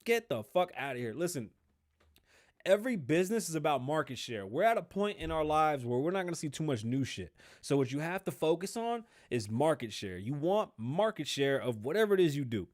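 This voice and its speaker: A man hosting a podcast alone, ranting casually and profanely in animated commentary. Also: a little high, a little fast. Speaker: podcast host.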